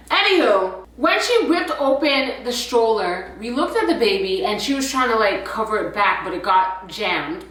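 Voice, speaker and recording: A young woman telling a story in a casual, animated way, full of slang and swearing. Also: a little high. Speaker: vlogger. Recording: echoey room, a bit far from the mic.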